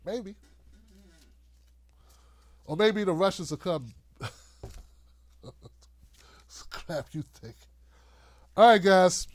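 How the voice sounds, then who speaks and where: A middle-aged man hosting a political commentary show, ranting loosely to camera in a mocking, animated way and often acting out the voices he quotes. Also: high voice, very slow, pauses often, a little hiss or hum.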